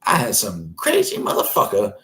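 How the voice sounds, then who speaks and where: A man voicing a loud, gossiping female store cashier who tells an excited, brash story. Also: lowish voice, normal speed, echoey room.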